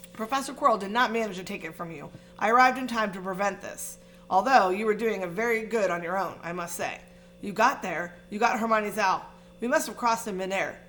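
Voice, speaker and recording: A woman reading aloud, voicing a kindly old male headmaster wizard who speaks in a calm, measured, gently wry way. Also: mid-range voice, a little hiss or hum, natural voice.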